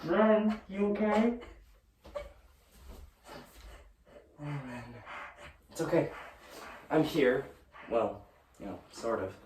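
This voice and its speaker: A young man acting out a tender young ghost who pleads softly and haltingly with the sister he left behind. His slightly high voice carries slowly across a roomy stage from a distance, with music underneath. It is a student musical theatre performance. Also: big pitch swings, slight background noise. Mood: comforting. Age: young adult. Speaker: student actor.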